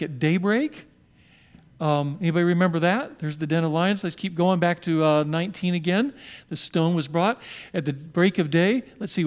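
A male pastor with a fairly high voice, preaching a sermon. He tells the story in an animated way and keeps turning to the congregation with questions.

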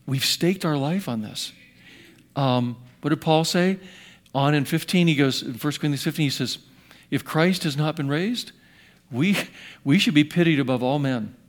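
A man in his sixties preaching a sermon in an earnest voice, rising to loud emphasis and dropping to hushed asides. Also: fairly high pitch, normal speed. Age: 60s. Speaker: pastor.

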